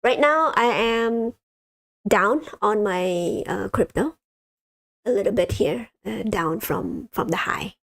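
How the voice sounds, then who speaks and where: A woman's voice: mid-range voice, lively intonation, takes it slowly, vocal fry, no room sound. A woman hosting a casual livestream, rambling with many fillers and talking straight to her viewers. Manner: rambling, many ums, addresses viewers as you guys. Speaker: livestream host.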